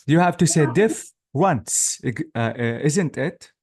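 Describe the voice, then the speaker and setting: A man's voice: fairly high pitch, normal speed, darkish tone. A male English teacher giving an online class lecture, patiently drilling words syllable by syllable.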